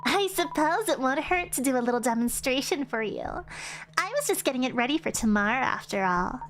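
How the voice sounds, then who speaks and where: Casting: woman doing a smug, high-voiced corporate villainess, sweetly menacing. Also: expressive, moderate pace. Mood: proud. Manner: smug, purring yandere-style menace. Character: scheming female corporate boss villain. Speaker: streamer voicing game characters.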